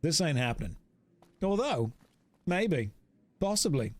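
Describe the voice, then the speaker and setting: An English streamer chatting over his game, joking and rambling. His voice rises and falls in a lively way, sits slightly high, and sounds dry and close with no room echo. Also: a little slow. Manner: joking, rambling, self-mocking. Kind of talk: casual game commentary.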